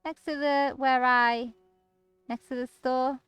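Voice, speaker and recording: An uneasy young man haunted by a forgotten past, read by a woman in her own fairly high voice, halting and hesitant as he tells his story in a visual novel. Soft music runs underneath. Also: level tone, clear, resonant tone, dry recording. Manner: hesitant, uneasy first-person narration. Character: troubled young man with lost memories. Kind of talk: reading a visual novel aloud.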